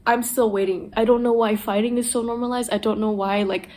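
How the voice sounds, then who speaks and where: A woman's voice: on the high side, fairly even intonation, a little fast, darkish tone. A young woman talking candidly and emotionally to her camera in a casual vlog, swearing freely as she sits on the floor at home. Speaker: vlogger.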